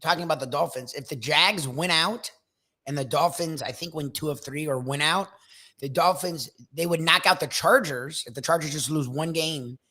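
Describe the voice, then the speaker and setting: A man co-hosting a sports radio show, talking excitedly about playoff scenarios. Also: fairly high pitch. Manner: enthusiastic, quick asides. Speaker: co-host.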